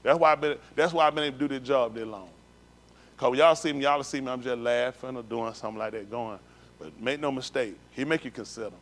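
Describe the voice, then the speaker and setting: During a synagogue livestream, a man delivers an emphatic personal testimony to the congregation, repeating himself and speaking plainly in street slang. His mid-range voice is quick and fairly bright.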